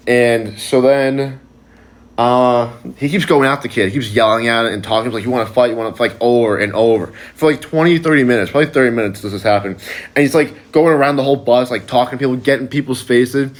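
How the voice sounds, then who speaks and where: A young man rambles through a personal anecdote for a social video, cramming his sentences with "like." His mid-range voice moves briskly.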